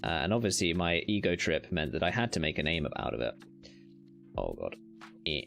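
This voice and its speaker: A British man with a low, gravelly voice talks loosely to his live-stream viewers while he plays. He is self-mocking and chatty, and he curses at the game when it goes wrong. Soft music plays quietly underneath. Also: animated, fast talker. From United Kingdom. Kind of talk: casual live-stream chat while gaming.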